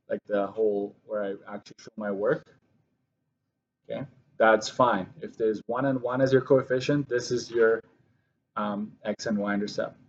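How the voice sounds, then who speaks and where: A man's voice: medium pitch, a little mellow, highs cut off, a little hiss or hum. A man teaching a math lesson, explaining his work step by step to his students and correcting himself as he writes. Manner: talks to students while writing, with self-corrections. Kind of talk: classroom lesson walkthrough.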